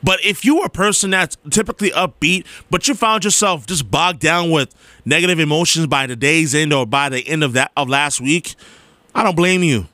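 A man's voice: a little high, moderate pace, no echo. A young man talking straight to listeners in an emphatic, repetitive monologue, like a radio host. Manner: emphatic, repetitive, animated storytelling.

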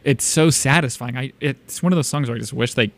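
A man's voice: mid-range voice, brisk. A young man DJ chatting casually about songs in a small radio studio, rambling with lots of fillers. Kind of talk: casual radio music chat.

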